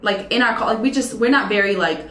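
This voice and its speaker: A woman in her thirties, a radio personality, chatting as an interview guest and telling stories with lively acted-out dialogue. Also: mid-range voice, fast talker. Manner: animated storyteller who acts out quoted dialogue. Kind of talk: casual interview conversation. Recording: roomy echo.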